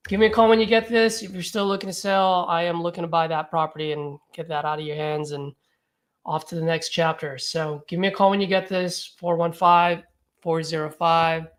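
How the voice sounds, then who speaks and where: A man's voice: fairly high pitch, moderate pace. Easygoing man leaving friendly voicemails. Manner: easygoing, friendly, relaxed filler words. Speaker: real estate wholesaler hosting a live calling session. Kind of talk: live-streamed voicemails and chat to viewers.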